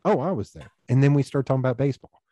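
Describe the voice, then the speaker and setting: A mellow-voiced man at medium pitch, speaking rapid-fire, appears as a podcast guest. Hailing from East Tennessee, USA, he tells rambling, anecdotal stories in casual conversation and performs the quoted dialogue himself.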